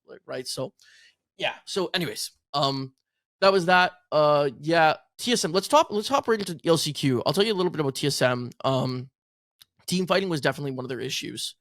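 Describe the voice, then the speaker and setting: A man's voice: on the high side, lively intonation, brisk, fairly bright tone, dry recording, clean studio sound. A man co-hosting a podcast, chatting casually about esports and rambling through stories. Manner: rambling storytelling. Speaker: podcast co-host and content creator.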